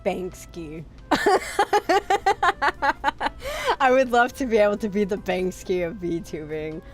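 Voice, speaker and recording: This young adult woman streams as a VTuber, her lowish voice moving at normal speed with lively intonation. She chats casually and rambles, using many fillers and self-deprecating laughs, with faint music behind her.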